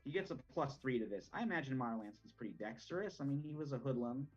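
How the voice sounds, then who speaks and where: A man running a tabletop game, narrating in a loose, rambling way. His voice is husky and mid-pitched. The recording sounds muffled and lo-fi, with faint music behind. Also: lively intonation, fast. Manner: casual, rambling, lots of fillers. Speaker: game master.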